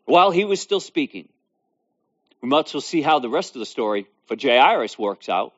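In a very animated, medium-pitched voice at normal speed, a man delivers a sermon, reading scripture and then expounding on it. His phrases repeat with mounting emphasis, and the recording is dull and lo-fi.

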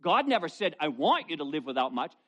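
A middle-aged male pastor preaching a sermon, telling folksy personal stories in an animated way. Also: fairly high pitch, fairly quick, lo-fi sound. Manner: storytelling, animated, folksy asides.

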